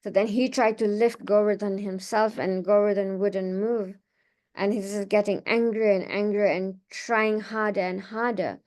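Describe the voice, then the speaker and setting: A woman's voice: medium pitch, fairly even intonation, moderate pace, a little mellow. A woman speaker retelling a scripture story in a reading class, conversational with many fillers and restarts.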